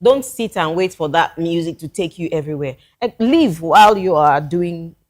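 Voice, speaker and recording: A woman's voice: on the low side, animated, normal speed, darkish tone. Earnest Nigerian woman guest. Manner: earnest, advising, with frequent restarts. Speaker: guest musician. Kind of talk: casual talk show chat.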